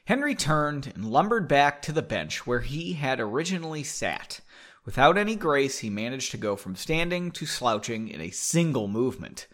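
A man's voice: mid-range voice, very animated, normal speed, fairly bright tone. A man reading a story aloud casually, breaking off into playful, self-mocking asides. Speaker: story reader.

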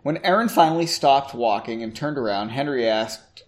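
A man's voice: medium pitch, lively intonation, moderate pace. A man casually reading a story aloud, stumbling over words and cracking self-mocking asides. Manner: self-mocking, stumbling, clears throat often. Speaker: amateur reader.

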